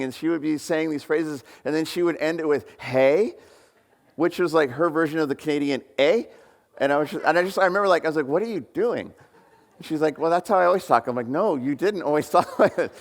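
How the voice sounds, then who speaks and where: Conversational male pastor in a reverberant hall. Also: on the high side. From United States. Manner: conversational, asks the congregation questions. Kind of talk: sermon. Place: church hall.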